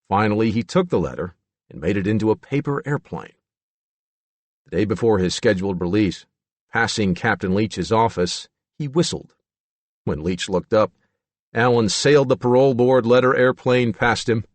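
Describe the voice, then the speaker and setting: A man narrating an audiobook in an expressive, measured way. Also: on the low side, dry recording.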